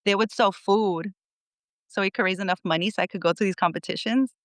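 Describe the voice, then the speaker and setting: A chatty woman in her thirties, a guest on a podcast. She has a smooth, clear voice at a mid pitch and tells her stories with frequent laughs. The sound is dry and close. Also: steady tone, a little fast, no room sound. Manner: chatty, laughs often, acts out quotes of family and coach. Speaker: podcast guest, former national team athlete. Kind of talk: casual storytelling interview.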